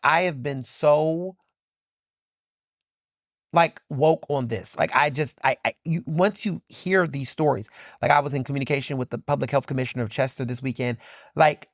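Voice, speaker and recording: A Philadelphia man hosts his own podcast, delivering fired-up solo commentary full of emphatic repetition, swearing and lots of "like." His voice is medium-pitched at a normal speed, recorded with studio quality and no echo.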